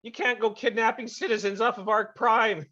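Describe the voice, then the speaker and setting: A man voicing a furious blustering male official who rants loudly, in a dull lo-fi recording. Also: high voice, fairly even intonation, normal speed, voice pushed up. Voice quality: loud, ranting.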